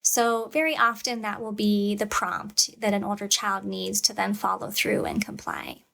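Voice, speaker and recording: A woman and parent giving a calm, measured lecture on parenting, acting out what a parent might say. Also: medium pitch, creaky. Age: adult parent. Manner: calm, measured, demonstrates parent scripts aloud.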